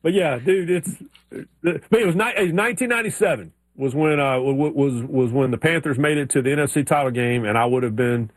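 A man co-hosting a sports show, telling animated stories in casual chat. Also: mid-range voice, fast talker, few pauses, no room sound. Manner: animated storyteller, mimics drawls in anecdotes. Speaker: sports radio co-host.

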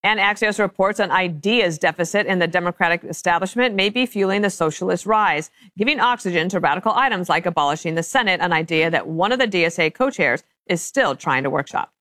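A woman hosting a TV panel talk show, brisk and conversational as she opens the hour and leads into clips. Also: on the low side, no echo. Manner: brisk, conversational, lively intros. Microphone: studio mic. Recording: dry studio sound.

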